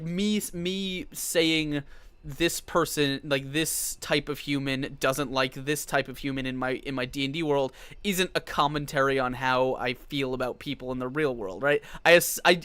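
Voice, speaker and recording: A man hosting a live-streamed tabletop gaming talk, speaking in a halting way with many restarts. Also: medium pitch, a bit bright, clean tone, no echo. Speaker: dungeon master show host. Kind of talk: live-streamed casual chat.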